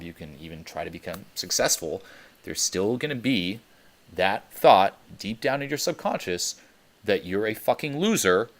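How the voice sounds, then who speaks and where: A young man with a notably deep voice speaks on a coaching teleconference. He talks bluntly and emphatically, swearing freely as he drives his points home. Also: vocal fry. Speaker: dating coach.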